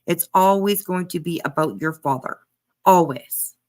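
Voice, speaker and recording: A woman's voice: lowish voice, unhurried, a little mellow. A woman reacting to a clip on a live stream, blunt and emphatic, talking straight back at the person on screen. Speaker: commentary streamer.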